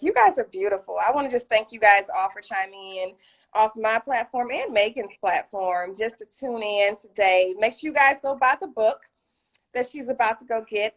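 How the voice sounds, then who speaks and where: A woman hosting a casual live video chat, telling stories and quoting friends with feeling, talking through a phone. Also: fairly high pitch. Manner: storytelling, quotes friends, emotional and warm. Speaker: author and live stream host. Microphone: phone on a live video call.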